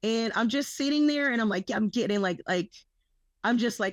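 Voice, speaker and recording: A woman's voice: a little high, animated, moderate pace, no room sound. A young woman co-hosting a podcast, telling a rambling story full of swearing and quoted dialogue. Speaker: podcast co-host. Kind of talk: casual storytelling.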